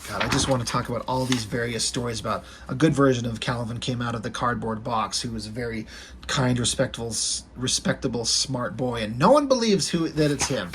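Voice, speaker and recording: A man's voice: medium pitch, fairly quick, fairly bright tone, slight background noise. A man giving a casual, rambling, enthusiastic commentary on comic strips. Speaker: comic reviewer.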